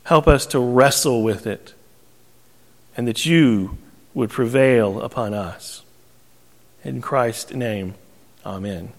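A man's voice: mid-range voice, takes it slowly, pauses often, in a large hall. A man from southern North Carolina with a Southern US accent, preaching a sermon with folksy jokes and frequent laughter. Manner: folksy, joking, laughs often. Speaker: pastor.

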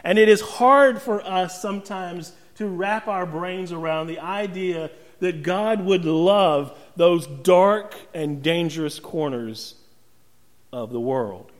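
High-pitched pastor preaching slow, pausing big for emphasis, long hall echo. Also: male voice. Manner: emphatic preaching with dramatic pauses and rhetorical questions. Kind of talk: sermon.

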